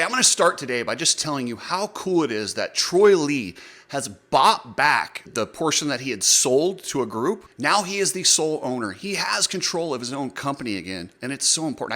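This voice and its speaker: A man's voice: medium pitch, sharp tone. A man hosting a motocross channel, giving blunt, opinionated and jokey commentary straight to camera.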